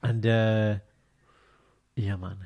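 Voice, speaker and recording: Animated man telling a story. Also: extremely slow. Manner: animated storyteller, often quiet and low-key between bursts. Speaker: podcast co-host. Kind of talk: casual chat.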